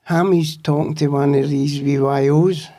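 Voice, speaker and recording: A man's voice: fairly high pitch, steady tone, moderate pace, dark tone. A man with a Scottish accent, telling rambling, profanity-laced stories as a guest in a casual interview. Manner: swears freely, rambling anecdotes. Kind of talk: casual storytelling.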